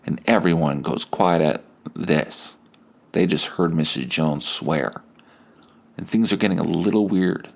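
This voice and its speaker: A man's voice: low-pitched, a little slow, gravelly. Male podcaster, solo, improvised story, rambling, casual. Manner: rambling, laughs at his own tale. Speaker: podcast host.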